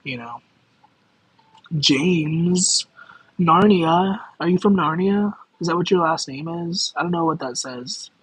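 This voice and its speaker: A man with a fairly high voice runs a relaxed livestream, pulling tarot cards for viewers. He rambles, trips over his own sentences and laughs often. A faint hiss sits under his voice. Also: brisk, hardly any pauses, low-quality recording. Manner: rambling and self-interrupting, with many fillers and giggles. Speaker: tarot card reader streaming live. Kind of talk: casual livestream chat with viewers.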